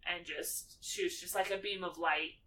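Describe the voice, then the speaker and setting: A woman's voice: on the low side, measured pace, far from the mic, low-quality recording. A woman co-hosting a podcast, casually retelling a film's plot and slipping into the characters' lines as she goes. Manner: animated storytelling, acting out lines with filler "like". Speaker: podcast co-host. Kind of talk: casual movie recap chat.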